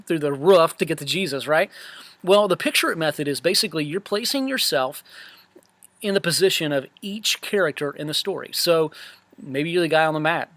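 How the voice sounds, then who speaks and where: Guy from a bible camp going over last week's class, kinda high voice, dry close sound, lots of ums. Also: no room sound. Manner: relaxed, many fillers and restarts, earnest. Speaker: camp director. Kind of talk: casual spoken recap of a Bible class.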